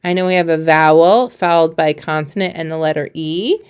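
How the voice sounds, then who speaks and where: A woman's voice: sits low, steady tone, a little fast, clean tone. A woman teacher giving a recorded phonics lesson to young children, encouraging and playful, praising often.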